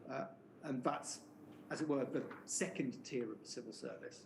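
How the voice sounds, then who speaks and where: A man's voice: mid-range voice, normal speed, creaky, rough recording. Male lawyer asking questions, methodical, lots of uhs, faint hiss behind. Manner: methodical, explanatory, many fillers. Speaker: inquiry counsel. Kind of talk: formal questioning.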